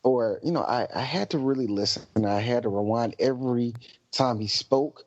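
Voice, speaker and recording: A man's voice: medium pitch, normal speed, dry recording. A man guesting on a podcast, chatting casually and rambling with laughs. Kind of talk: casual chat. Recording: dry, dull lo-fi sound.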